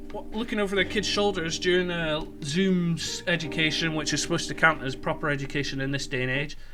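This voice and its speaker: A man ranting sarcastically in an online commentary video, with stumbling restarts. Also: a little high. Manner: sarcastic, mocking, rambling. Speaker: political commentator.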